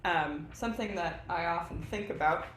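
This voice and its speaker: A young woman voice teacher giving an online singing lesson, explaining technique in an upbeat way and singing short warm-up demos. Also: fairly low pitch, normal speed, reverberant, a little hiss or hum. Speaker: voice instructor.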